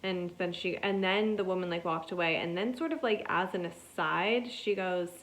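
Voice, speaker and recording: A woman's voice: lowish voice, moderate pace. Chatty woman rambling through a story. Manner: rambling, chatty, heavy use of "like". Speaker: podcast host. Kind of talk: casual solo storytelling.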